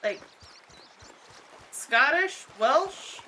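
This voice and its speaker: A woman's voice: high-pitched, lively intonation, drawn-out words, pushed and bright, slight background noise. A woman streaming a video game from home, chatting casually and laughing often as she thinks aloud. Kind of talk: casual gameplay commentary. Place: home, cat on her lap.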